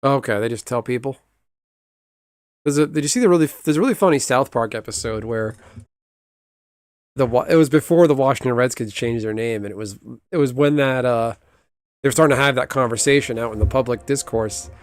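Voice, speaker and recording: A man's voice: mid-range voice, brisk, long pauses, no echo. A young adult man streaming a game, chatting casually with wry, rambling asides to his viewers. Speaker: gaming streamer. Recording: music playing underneath.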